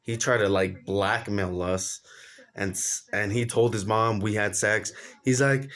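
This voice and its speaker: A man's voice: on the low side, steady tone, takes it slowly, a bit bright. A young man casually telling a personal story on his vlog, slangy and laughing along as he goes. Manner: laid-back slangy, laughs while telling. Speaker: vlogger.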